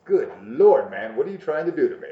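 A man hosting a casual podcast chat, easygoing and quick to laugh along with his co-host. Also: on the high side, big pitch swings, reverberant, phone-quality sound. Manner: easygoing, laughs often, goes along with the jokes.

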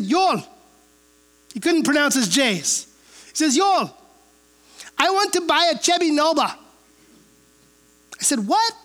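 A woman's voice: sits high, fairly bright tone. A woman pastor, giving a conversational sermon and retelling a Bible passage in a casual, storytelling way that often checks in with a rhetorical "right?". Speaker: pastor teaching a Bible chapter.

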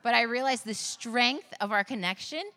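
A woman's voice: fairly high pitch, expressive, normal speed, pushed and bright. Earnest woman preaching in a hall. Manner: earnest, storytelling, laughs at her own stories. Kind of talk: sermon. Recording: long reverb of a large hall.

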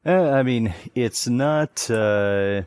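A man's voice: mid-range voice, drawn-out words, a little mellow, clean tone, no room sound. A man playing in a tabletop game, thinking aloud hesitantly with many restarts. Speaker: player.

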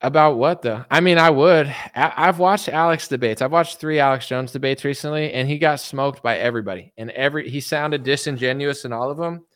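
A man's voice: medium pitch, brisk, hardly any pauses, a bit bright, no room sound, studio quality. A man streaming commentary, ranting scornfully at his audience and mocking them with put-on voices. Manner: scornful, mocking, puts on voices to ridicule viewers.

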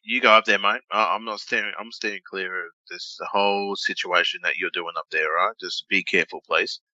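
A man's voice: low-pitched, steady tone, a little fast, pushed and bright, no room sound, highs cut off. A man co-hosting a podcast in a blunt, joking, swearing way. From Australia. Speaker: podcast co-host. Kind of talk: casual chat.

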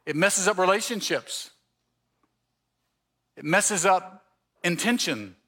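Male pastor from Mississippi, sermon in a church, slightly high, bright and forceful tone, storyteller. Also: takes it slowly. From Mississippi Gulf Coast, US. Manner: storytelling, acting out dialogue. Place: church sanctuary.

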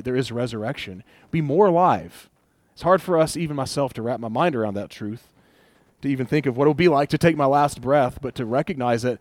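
A man's voice: mid-range voice, no room sound. A man preaching a sermon in a casual, conversational way, acting out the lines of the people in the scripture he reads. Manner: conversational, animated quoting of scripture figures. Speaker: pastor.

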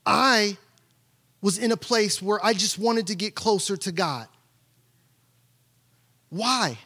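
A man's voice: sits high, lively intonation, slow, pauses often, bright, forceful tone. A male pastor preaching a candid, conversational sermon, telling stories with frequent restarts and repeated words.

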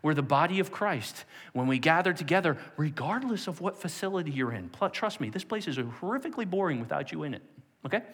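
Animated male pastor preaching in a hall. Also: fairly high pitch. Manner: animated, acting out quotes in a raised voice. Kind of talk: sermon. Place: church sanctuary, nearly empty.

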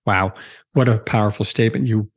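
Husky-voiced man hosting a podcast. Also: lowish voice, steady tone, brisk. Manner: enthusiastic, repeats guest's words. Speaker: podcast host. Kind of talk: interview questions.

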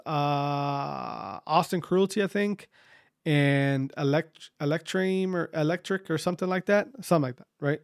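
A man's voice: high-pitched, clear, resonant tone, no echo, studio quality. A man casually telling a long story to his viewers, rambling, repeating himself and swearing often.

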